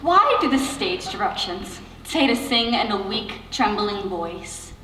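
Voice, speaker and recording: A woman's voice: mid-range voice, sing-song, measured pace, bright, forceful tone, slight background noise. A woman playing a vain pompous stage diva. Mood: fretful. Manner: haughty, theatrical, whining. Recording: echoey hall, distant mic, faint music.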